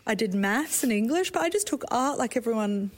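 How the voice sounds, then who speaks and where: A woman's voice: a little high, lively intonation, brisk. A woman in her thirties with an Australian accent, talking frankly and casually as an interview guest, laughing easily and swearing now and then. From South Africa. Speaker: artist guest.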